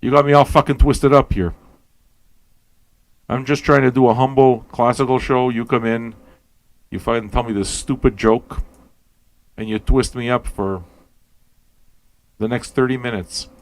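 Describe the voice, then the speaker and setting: A man hosting a radio show, rambling and swearing as he questions everything aloud, tired and high. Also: fairly even intonation, measured pace, long pauses. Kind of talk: casual rambling talk to listeners.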